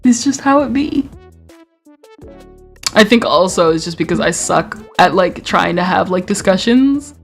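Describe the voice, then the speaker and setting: Young woman, slight Southern twang, unhurried, bouncy intonation, faint music behind. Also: fairly low pitch, gravelly. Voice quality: lively, laughs often, stutters and restarts. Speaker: streamer. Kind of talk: casual chat.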